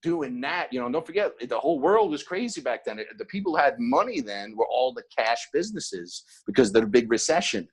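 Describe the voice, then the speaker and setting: A man's voice: medium pitch, animated, fairly quick, few pauses, breathy edge. A middle-aged man, a former nightclub head of security, telling stories in a casual podcast chat and acting out the dialogue he quotes.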